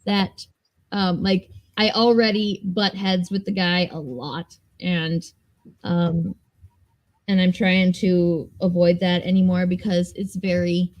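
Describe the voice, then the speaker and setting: A young woman co-hosting a livestream, talking in a chatty, expressive, self-deprecating way. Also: on the low side. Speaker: co-host. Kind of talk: casual livestream chat.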